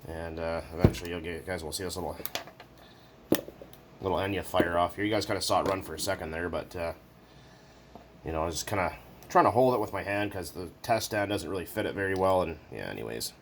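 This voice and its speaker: Man, very deep voice, casual rambling workshop chat, joking, faint background noise. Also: quick pace. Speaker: hobbyist video maker.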